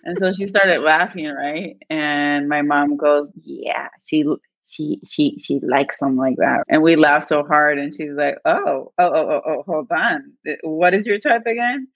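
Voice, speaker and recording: A woman's voice: low-pitched, a little slow, few pauses, no echo. A woman candidly telling a personal story, acting out the voices of the people in it. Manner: animated, acts out quoted voices with laughter. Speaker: guest telling her story. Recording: dull lo-fi dry sound.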